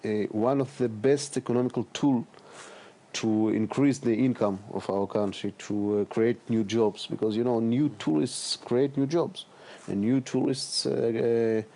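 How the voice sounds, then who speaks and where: A middle-aged man answering interview questions as a politician guest, speaking haltingly with many fillers and repeated words. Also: mid-range voice, fairly even intonation, warm tone.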